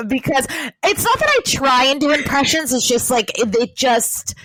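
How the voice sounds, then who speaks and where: A woman's voice: high-pitched, big pitch swings, normal speed, a bit bright, a little hiss or hum, rough recording. A woman talking as a podcast guest in a casual chat, rambling with lots of fillers. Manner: chatty, rambling, with many fillers.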